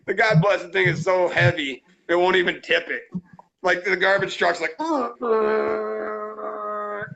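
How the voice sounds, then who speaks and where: A man's voice: sits high, steady tone, moderate pace, vocal fry, bright, forceful tone, low-quality recording. A man hosting a trapping channel, telling crude, joking stories in a rowdy, casual way. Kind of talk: casual storytelling.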